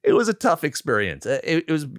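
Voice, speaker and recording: A man's voice: a little high, quick pace, no room sound, clean studio sound. A man in his sixties, a film director guest, telling stories in an interview and acting out the lines people said. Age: 60s. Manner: animated storyteller who acts out quoted lines. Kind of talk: interview storytelling.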